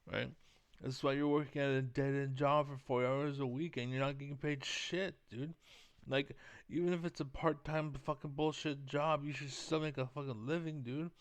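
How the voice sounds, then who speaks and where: A young man rants to his viewers in a heated, rambling way, swearing often and leaning on fillers. His voice sits at an ordinary pitch and is recorded close and dry, with no room sound around it. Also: clean tone, dry recording. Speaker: vlogger. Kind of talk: casual rant to camera.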